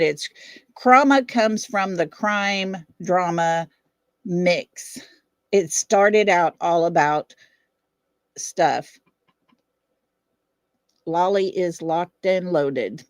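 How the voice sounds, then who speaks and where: A woman's voice: fairly low pitch, very slow, pauses often, dry recording, clean studio sound. A middle-aged woman with a Southern US accent hosting a casual livestream chat, blunt, defiant and fiery. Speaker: livestream host.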